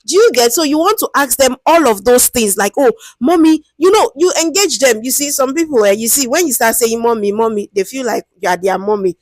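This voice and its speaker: A woman with a Nigerian accent giving a casual, lively lesson, often checking that listeners follow and acting out interview lines. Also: brisk, few pauses, no echo. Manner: lively, conversational, keeps asking "do you understand?"; acts out interview lines in a higher, sweeter voice. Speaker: product management teacher. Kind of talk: casual explanatory talk.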